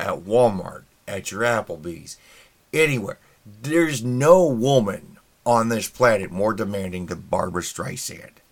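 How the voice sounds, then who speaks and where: A man's voice: lowish voice, fairly bright tone. A middle-aged man hosting a podcast, delivering a casual, sarcastic, rambling opinion monologue with wry asides. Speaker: podcast host.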